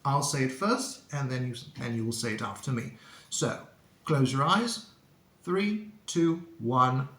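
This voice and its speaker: A man teaching English pronunciation to camera, speaking deliberately and repeating words for learners to copy. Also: medium pitch, a bit bright. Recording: echoey room.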